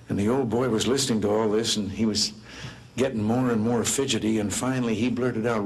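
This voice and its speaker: A man's voice: on the low side, fairly even intonation, a little fast. A man in his seventies giving a humorous speech, telling folksy anecdotes and lifting his voice for the characters in his jokes. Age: 70s. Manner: folksy anecdotal storytelling, lifts voice for quoted characters.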